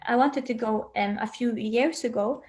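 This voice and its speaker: A woman's voice: on the high side, normal speed, a little mellow. A woman speaking as an interview guest from home on a video call, dreamy and searching for words, laughing often.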